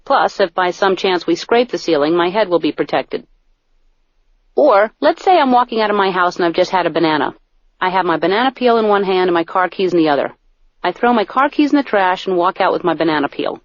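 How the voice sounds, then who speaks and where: A middle-aged woman reading her own comic audiobook in a deadpan, self-mocking way, close to the mic. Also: on the low side, brisk, no echo. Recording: dull, dry studio recording.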